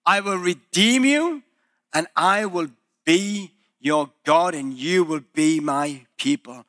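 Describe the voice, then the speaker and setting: A male pastor preaching a sermon in a church, telling the story in a lively way and acting out the quoted voices. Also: a little high, slow pace.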